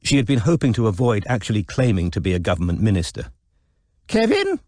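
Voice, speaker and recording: Reading an audiobook aloud, a man uses a fairly low pitch and a measured, expressive delivery of scripted narration. There's no room sound, and the quality is studio-grade.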